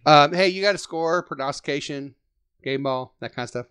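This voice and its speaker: A man's voice: a little high, a little fast, fairly bright tone, clean tone, no room sound. A man hosting a casual sports fan podcast, joking and teasing as he talks. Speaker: podcast host.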